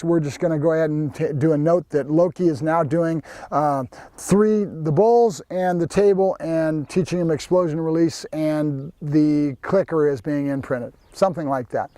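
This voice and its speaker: A man's voice: on the high side, warm tone, dry recording. A man, a professional dog trainer, explaining his training methods plainly and directly to viewers. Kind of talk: instructional training video.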